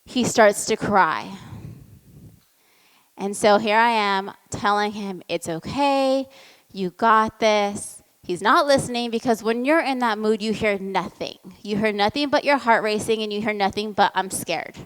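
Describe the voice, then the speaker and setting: A woman giving a motivational talk and telling a family story in a lively way. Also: mid-range voice, normal speed. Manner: lively storytelling, acts out the voices in quotes. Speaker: motivational speaker. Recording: long hall reverb.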